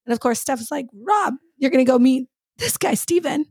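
A woman co-hosting a podcast in casual chat, an animated storyteller who acts out the people she quotes. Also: high-pitched, normal speed, slightly rough, no room sound, studio quality. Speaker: podcast co-host.

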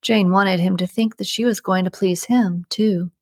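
A woman narrating a novel in a steady, even storytelling voice at a middle pitch. She sits close to the mic, and the sound is dry, with no room around it. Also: normal speed, dry recording. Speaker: audiobook narrator. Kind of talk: scripted narration.

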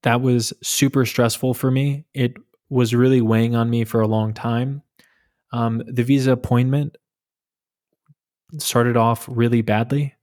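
A man in his thirties from New York with a New York accent, telling stories in a relaxed, joking way on his solo podcast. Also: medium pitch, unhurried. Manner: relaxed, joking, storytelling with fillers. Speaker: podcast host. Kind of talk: casual solo podcast monologue.

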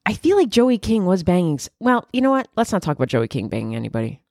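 Woman comic host, low-set voice, dry close sound, crude and rambling, with sudden high outbursts. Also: sing-song, quick pace, dry recording. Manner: profane, rambling, swings into loud high exclamations. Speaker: comedian podcast host. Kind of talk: casual comedic monologue.

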